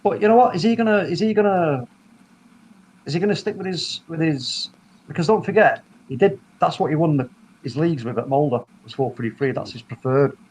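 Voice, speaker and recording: A man hosting a casual football chat over a video call, talking in animated, rambling bursts full of restarts. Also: on the high side, a little fast, a little hiss or hum, poor audio. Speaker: football podcast host.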